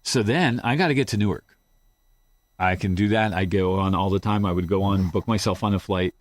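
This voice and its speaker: A man with a very deep, low voice tells a painful story from his own life as an interview guest. He speaks haltingly and slips into quoting what he said at the time. The sound is close and dry, with no room around it. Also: no echo. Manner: halting, retells his own words in quotes. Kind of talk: emotional personal storytelling.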